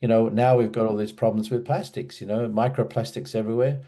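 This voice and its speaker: A man's voice: on the low side, fairly even intonation, fast, dark tone. A man casually telling a personal memory in an interview, hesitant, with many restarts and fillers. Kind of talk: casual storytelling.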